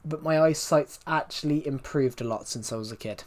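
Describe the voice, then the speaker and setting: A man's voice: a little high, a little fast. A man streaming a game live, talking to his chat in a rambling way and repeating himself as he answers viewers' questions. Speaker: livestreamer.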